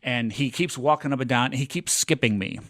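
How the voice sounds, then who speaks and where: A man co-hosting a casual podcast, spinning a long self-mocking story with animated bursts. His voice sits at an ordinary middle pitch and is recorded dry and close, with no room echo. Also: brisk. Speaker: podcast co-host.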